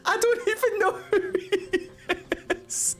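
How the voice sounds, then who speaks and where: A woman's voice: very high voice, fairly even intonation, slow, fairly bright tone. A woman live-streaming a game, chatting with viewers in a crude, giggly way and laughing often. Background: game music.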